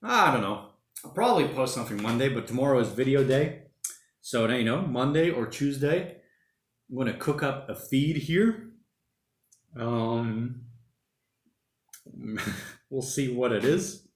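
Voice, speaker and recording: A man hosts a relaxed livestream from his home and chats through viewer comments in a loose, rambling way, tossing in mate and bloody now and then. His voice sits at an ordinary middle pitch. The room around him is echoey. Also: unhurried, pauses often. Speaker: livestream host. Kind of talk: casual livestream chat reading comments. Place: home during lockdown.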